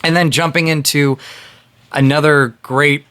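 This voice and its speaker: Unhurried male film reviewer, thirties, bright, clear voice, earnest and rambling. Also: on the high side, fairly even intonation. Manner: rambling with many fillers and restarts; earnest and emotionally invested. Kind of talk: casual spoken film review.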